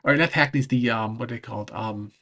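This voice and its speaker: A man's voice: mid-range voice, fairly quick, fairly bright tone. Rambling man with lots of fillers. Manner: rambling, hesitant, many fillers, often searching for words; laughs between phrases. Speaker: vlogger answering chat. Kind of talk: casual livestream chat over travel footage.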